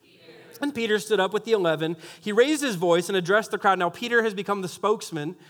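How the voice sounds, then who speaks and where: A high-pitched man preaches a sermon in a loose, playful way. He cracks jokes at his own expense, trips over his words and circles back, keeping things casual and lively for the congregation. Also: fast talker. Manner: jokey, animated, often restarts and laughs at his own asides. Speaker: pastor.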